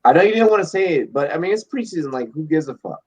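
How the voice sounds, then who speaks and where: A man hosting a casual late-night live stream, drinking and telling rambling, profane, animated stories. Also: on the high side, quick pace, breathy edge. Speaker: podcast host. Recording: dull lo-fi stream audio.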